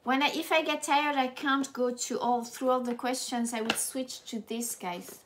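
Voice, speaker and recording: Animated French-accented woman teaching live. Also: high-pitched, moderate pace, background noise. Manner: animated, playful, laughs often, slips into French. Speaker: language teacher. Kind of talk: live-streamed language lesson.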